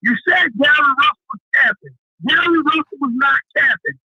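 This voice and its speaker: A man calling in to a show, arguing in a loud, agitated way. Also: very high voice, normal speed, a crowd in the background. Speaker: caller. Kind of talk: heated call-in argument. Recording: muffled dry phone line.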